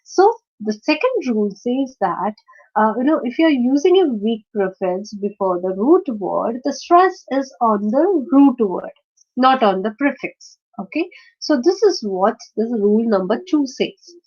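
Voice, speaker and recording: A woman's voice: a little high, sing-song, measured pace, darkish tone. A woman teaching a lecture, explaining each point step by step and repeating the rules, with frequent fillers. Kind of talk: lecture on word stress. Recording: dull lo-fi recording.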